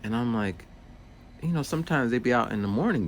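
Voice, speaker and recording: A man's voice: mid-range voice, lively intonation, fairly quick. A man who works as a teacher's aide, rambling through a casual story outdoors while walking and acting out voices. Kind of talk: casual walking vlog monologue.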